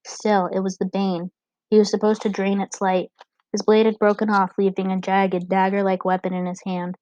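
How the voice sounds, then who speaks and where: A woman narrating an audiobook chapter in a steady, expressive reading. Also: medium pitch, normal speed, no room sound. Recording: dull, dry lo-fi recording.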